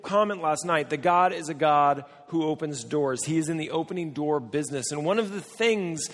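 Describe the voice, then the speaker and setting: A middle-aged American man delivers a sermon in a fairly high voice. His tone is loose and conversational, and he drops jokes and asides to the audience while he tells a story. His voice carries a long reverb from a large hall. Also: moderate pace. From United States. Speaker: preacher. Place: large church or conference hall.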